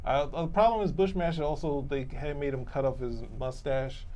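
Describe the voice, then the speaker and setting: A man's voice: fairly high pitch, fairly even intonation, moderate pace, dark tone. A man reviewing a TV series in a casual group debate, often cutting in over the others. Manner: interrupting, talks over others.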